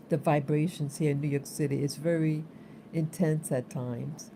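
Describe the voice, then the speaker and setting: A woman's voice: deep voice, normal speed, dark tone, a little hiss or hum. A woman vlogger telling a story in a casual, rambling way, repeating herself for emphasis.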